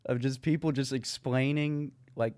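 A man's voice: medium pitch, steady tone, moderate pace, darkish tone, no echo. A man co-hosting a casual podcast, sarcastic and laughing often as he jokes. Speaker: podcast co-host. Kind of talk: casual chat.

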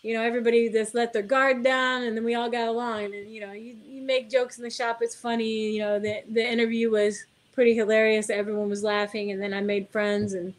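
Speaking a little fast and barely pausing, a middle-aged woman with a fairly high voice tells lively stories as a guest car builder in a relaxed interview. She acts out the conversations and laughs frequently.

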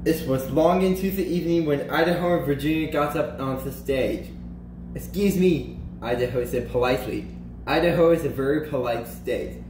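A man reads a children's picture book aloud, slowing down and lifting his voice for emphasis. His voice sits a little high for a man. The recording is echoey with a faint hiss behind it. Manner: animated, slows and lifts pitch for emphasis and character lines. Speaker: storybook reader. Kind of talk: children's storybook read-aloud.

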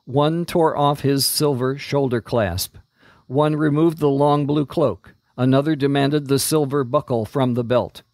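A man reading a story aloud as narrator, in a slow, steady delivery. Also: medium pitch, dry recording, clean studio sound.

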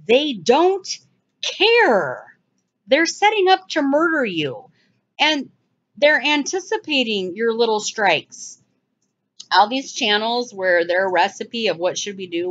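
A woman hosting her own channel, commenting urgently over video clips and mocking with sarcastic high-pitched asides. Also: big pitch swings, a little slow, fairly bright tone. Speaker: channel host. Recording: dull lo-fi sound.

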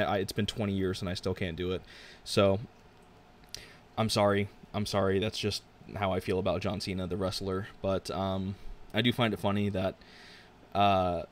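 A young man reviewing wrestling on his own in a casual, rambling way, often restarting sentences and giving frank opinions. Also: on the low side. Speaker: podcast host reviewing wrestling.

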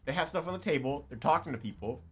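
A woman's voice: low-pitched, animated, fast talker, breathy edge, soft background music. A young woman guessing along in a casual game with her siblings, blunt and swearing. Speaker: sibling guest.

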